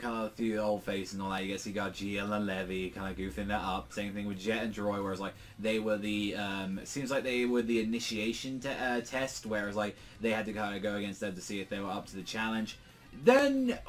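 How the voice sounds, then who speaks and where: Rambling British guy reviewing manga. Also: fairly low pitch. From Britain. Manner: rambling, lots of fillers and swearing, acts out quotes in jumpy bursts. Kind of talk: casual solo review chat.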